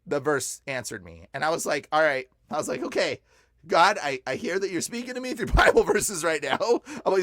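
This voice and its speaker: A young man on a podcast telling a personal story with lots of excitement, his voice jumping up whenever he quotes himself. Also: a little high, a little fast, no room sound, clean studio sound. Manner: excitable, voice jumps up when quoting himself. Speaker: podcast guest.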